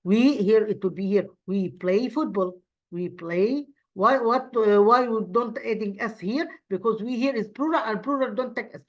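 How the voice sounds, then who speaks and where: A woman whose first language is Arabic, teaching an English grammar lesson, repeating model sentences slowly with frequent fillers and restarts. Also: on the high side, lo-fi sound.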